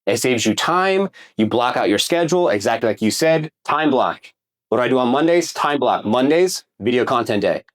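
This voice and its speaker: A man giving a casual, energetic workshop talk on real estate marketing, asking the audience questions and swearing now and then. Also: medium pitch. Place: room with a live audience.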